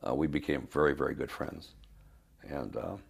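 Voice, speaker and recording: Older male trainer from Spain, very deep and gravelly, halting storyteller. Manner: retells scenes with halting restarts and repeated words. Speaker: fitness trainer, podcast guest. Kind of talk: storytelling in an interview.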